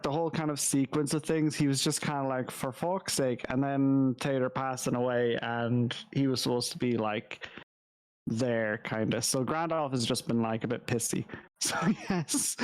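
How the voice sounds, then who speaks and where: A man's voice: mid-range voice, smooth, rough recording. A man with a Yorkshire accent chatting casually as a player in a tabletop game, rambling and laughing often.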